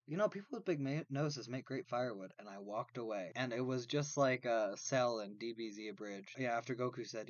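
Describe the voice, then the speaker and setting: Animated American man telling comic stories. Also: mid-range voice, no room sound, muffled recording. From United States. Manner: animated, acts out quotes with sudden loud outbursts. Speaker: storyteller. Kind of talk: comedic storytelling.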